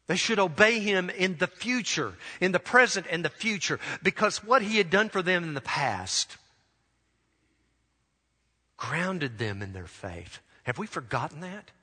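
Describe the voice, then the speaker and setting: A pastor's bright, forceful voice, a little high, sing-song and husky, carries an earnest sermon. He slows for emphasis to drive points home, while a long reverb follows his words around the church sanctuary.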